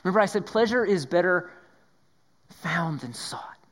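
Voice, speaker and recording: A man preaching a sermon, swinging between raised emphasis and hushed whispers and often repeating his words. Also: high-pitched, animated, moderate pace. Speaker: pastor.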